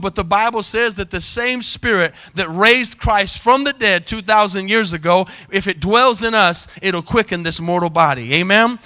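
A middle-aged male pastor preaching an evening church sermon, pausing often to ask the congregation for an "amen". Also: high voice, pushed and bright. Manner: preaching with call-and-response "amen" questions. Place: church sanctuary.

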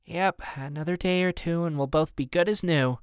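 A man's voice: fairly high pitch, moderate pace, smooth, no echo, clean studio sound, voice pushed up, natural voice. A man voicing a caring mother holding her family together under strain, in an audiobook. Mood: soothing, worried. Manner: soothing but strained. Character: caring, stressed middle-aged mother.

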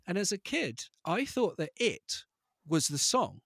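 A man in his thirties tells comic stories, slipping into little voices and quotes. His voice sits a touch high and swings widely in pitch, very animated. The sound is dry and close. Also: a little slow, creaky, no room sound. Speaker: comedian. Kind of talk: comic storytelling.

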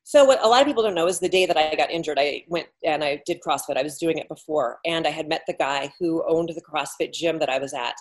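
A woman's voice: low-pitched, fast talker, hardly any pauses. A woman in her fifties, a former athlete talking candidly as a podcast guest, blunt and self-mocking. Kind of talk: candid casual interview talk.

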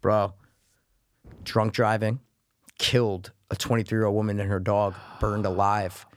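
A man co-hosting a podcast in casual chat, animated and profane, with constant agreeing interjections. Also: on the low side, a little slow, no room sound, studio quality. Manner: profane, animated, lots of affirmations. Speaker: podcast co-host.

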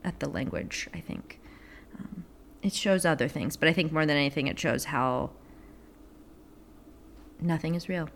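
A woman's voice: deep voice, expressive, moderate pace, gravelly, pauses often, fairly bright tone, a little hiss or hum. A woman talking in a casual literary discussion. She rambles, corrects herself often and laughs between thoughts.

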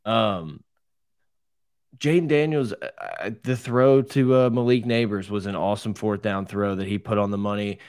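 A low-voiced man gives his opinions on a podcast, chatty and full of fillers. The recording is dry and close-miked. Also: moderate pace, darkish tone, clear, resonant tone, no echo. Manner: opinionated, conversational, with many fillers. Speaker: podcast co-host. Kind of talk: casual sports chat.

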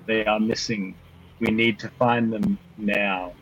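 A man's voice: fairly low pitch, flat delivery, unhurried, a bit bright, low-quality recording. A man playing an urgent adventurer. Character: urgent male adventurer sending a telepathic warning.

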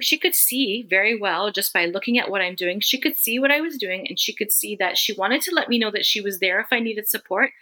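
Middle-aged woman guest on a podcast, bright clear voice, lively storytelling. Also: medium pitch. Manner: animated, acts out quoted people. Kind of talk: conversational storytelling.

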